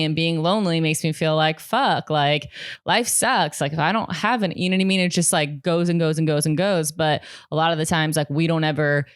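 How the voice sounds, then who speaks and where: A woman's voice: sits low, clear, resonant tone, no room sound, clean studio sound. A young woman vlogger talking frankly about her feelings, swearing often and saying "like" a lot. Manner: frank and profane, heavy use of "like". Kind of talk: candid personal monologue.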